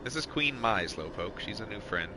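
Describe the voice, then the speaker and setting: Deep-voiced chatty male game streamer. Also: moderate pace, noisy background. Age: middle-aged. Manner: chatty, excitable, swears at the game. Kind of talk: casual live stream chat. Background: game music.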